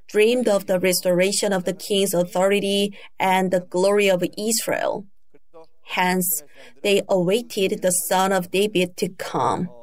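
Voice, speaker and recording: A woman delivers a sermon at an unhurried, measured pace. Her voice sits at an ordinary middle pitch, and she tells the story step by step with careful emphasis. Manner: slow, deliberate storytelling with emphatic raised cries for quoted shouts. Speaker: preacher.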